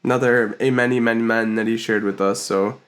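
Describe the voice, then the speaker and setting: A man's voice: fairly low pitch, fairly even intonation, brisk, a bit bright. A man co-hosting a casual comedy podcast, laughing often and joking loosely. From Serbia. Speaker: podcast co-host.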